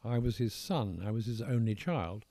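Posh English older man, mellow voice. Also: on the low side, lively intonation, no room sound. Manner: measured, hesitant, circles back with restarts. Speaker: author being interviewed. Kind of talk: reflective interview conversation.

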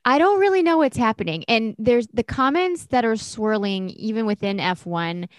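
Higher-voiced woman, casual and animated. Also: moderate pace, smooth, no room sound, studio quality. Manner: animated, swears freely, acts out mocking quotes. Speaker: podcast co-host. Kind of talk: casual chat.

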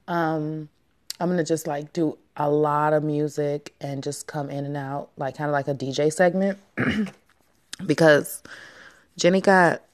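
A woman in her late twenties hosting a casual solo podcast from her home basement, talking candidly and playfully with lots of swearing and hushed asides. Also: low-pitched. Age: 20s. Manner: candid, profane, playful, swings between loud and hushed asides. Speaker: podcast host.

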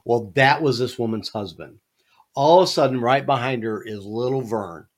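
A man hosting a podcast, telling a funny story in an animated, jokey way. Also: mid-range voice, moderate pace. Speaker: podcast host. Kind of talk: casual storytelling.

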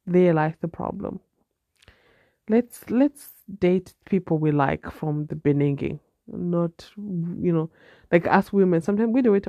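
A woman's voice: fairly low pitch, measured pace, dry recording, highs cut off. Chatty nasal woman podcast host. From Zimbabwe. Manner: chatty, preachy advice with repeated phrases. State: congested. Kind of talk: solo podcast monologue.

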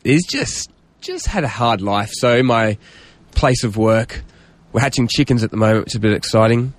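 A man's voice: mid-range voice, expressive, moderate pace. A man hosting a casual radio show, telling stories chattily and laughing often. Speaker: radio host.

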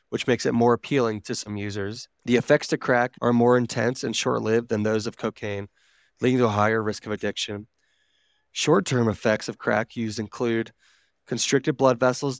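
A man's voice: mid-range voice, gravelly, no echo, studio quality. A man co-hosting a podcast, reading out notes in a casual, swearing manner while wheezing from asthma. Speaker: podcast co-host.

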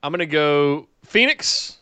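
A man's voice: on the high side, expressive, unhurried, sharp tone, clear, resonant tone, dry recording. A man co-hosting a podcast, chatting casually and animatedly, often stumbling and laughing. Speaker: podcast co-host. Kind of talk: casual chat.

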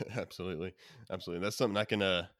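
Deep-voiced man interviewing, dry sound. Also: fairly even intonation, fast talker, fairly bright tone, no room sound. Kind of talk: casual interview chat.

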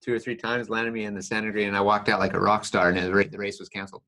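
A man's voice: lowish voice, very fast. A man chatting casually and telling stories, often laughing. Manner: laughs often, relaxed storytelling. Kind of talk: casual chat.

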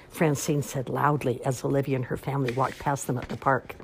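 An older woman reading a children's story aloud in a lively, expressive way, with a husky voice. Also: rumbling low, a little fast, few pauses, a little hiss or hum.

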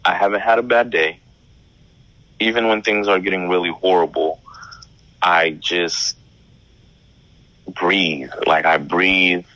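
A man speaking as a guest in casual conversation, calm and reflective, with some slang. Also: low voice, slow, pauses often, no echo, rough recording.

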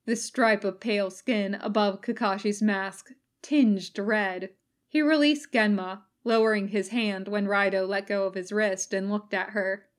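A woman reading fan fiction aloud as a recorded podfic, in calm, even narration. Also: medium pitch, unhurried. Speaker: podfic reader.

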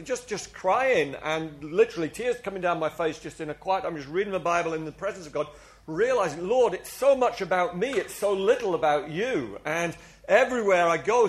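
A man preaching a sermon to a congregation, earnest and confessional, often restarting his words and leading the people in saying things together. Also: a little high. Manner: leads the congregation in call-and-response. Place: church before a congregation.

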